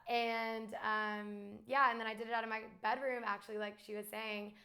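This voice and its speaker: A young woman from Alabama, a guest in a casual chat, talking fast with lots of fillers and laughs. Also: a little high, little pitch movement, bright, forceful tone. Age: young adult.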